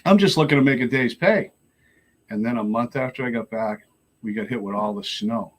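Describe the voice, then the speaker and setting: A man, talking as a podcast guest in a rapid, rolling rush. His voice sits at an ordinary middle pitch. He tells his stories with lots of animation, acting out the people in them and swearing freely. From Lowell, Massachusetts. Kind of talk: casual storytelling.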